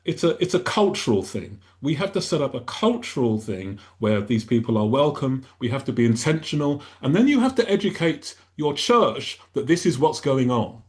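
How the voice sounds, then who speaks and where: A man's voice: mid-range voice, very animated, normal speed, hardly any pauses. A male pastor talking earnestly on a radio panel, rambling and often restarting his sentences.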